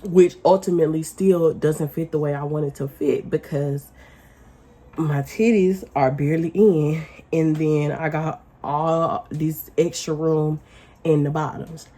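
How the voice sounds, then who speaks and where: A woman vlogger ranting casually to the camera, blunt and profane, with loud emphatic outbursts. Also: low-pitched, steady tone, measured pace.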